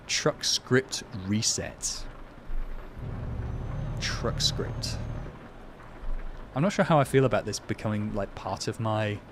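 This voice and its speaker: Man, casual streamer chat, low-ish voice, steady vehicle rumble behind. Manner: chatty, self-deprecating, reads out and answers chat. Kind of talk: casual live-stream chat while playing a truck game.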